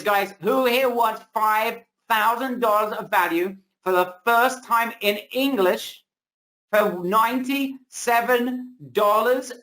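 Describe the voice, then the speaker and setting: This is a hard-sell webinar pitch: the male host sounds excited and pushy in typical salesman fashion, speaking over a video call while his voice steadily fades.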